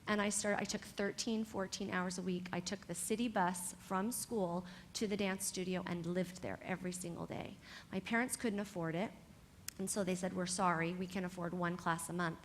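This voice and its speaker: A woman from California who teaches dance, giving a motivational talk to young dancers in an animated, encouraging way and speaking straight to the students. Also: medium pitch, moderate pace, slight background noise.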